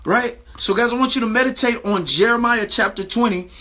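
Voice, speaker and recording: Bright, high-voiced man preaching emphatically. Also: fairly quick. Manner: emphatic, repeats phrases and asks "right?". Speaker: preacher and video host. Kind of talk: preaching a Bible lesson to camera.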